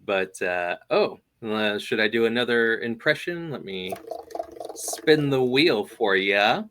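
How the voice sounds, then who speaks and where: A man's voice: lowish voice, takes it slowly, sharp tone. A man hosting a casual interview who laughs often and keeps an easygoing tone. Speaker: host.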